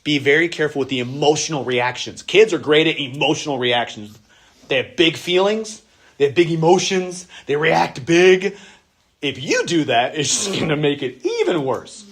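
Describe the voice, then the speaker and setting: A man's voice: fairly high pitch, very animated, moderate pace. A man, a pastor, teaching a church workshop on parenting in a casual, conversational way, now and then acting out the voices of kids and parents.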